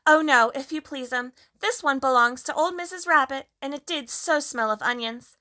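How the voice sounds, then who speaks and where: A woman's voice: high-pitched, normal speed, bright, forceful tone, voice pushed up. A woman voicing a humble, anxious little hedgehog washerwoman in a storybook reading, polite and sing-song. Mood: fussy, polite.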